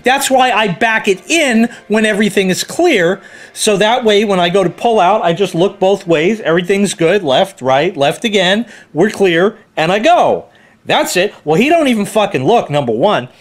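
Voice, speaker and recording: A man vents in a fired-up, swearing rant. His voice sits high and swings widely in pitch as he tells the story and acts out the other people in it. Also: animated, normal speed. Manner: heated, profane, quoting others in put-on voices. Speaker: car hobbyist vlogger. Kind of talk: angry ranting story.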